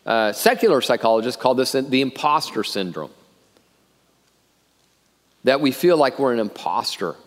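A man's voice: mid-range voice, sing-song, moderate pace, pauses often. A middle-aged man preaching a sermon as pastor, earnest and often repeating words as he starts a phrase. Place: church auditorium. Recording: long reverb of a church hall.

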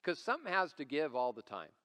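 Speaking fast and forcefully, a lead pastor in his forties delivers a live sermon in a church sanctuary, his fairly high, bright voice swinging hugely in pitch. He's conversational, weaving in stories and self-deprecating jokes, with church hall reverb around him.

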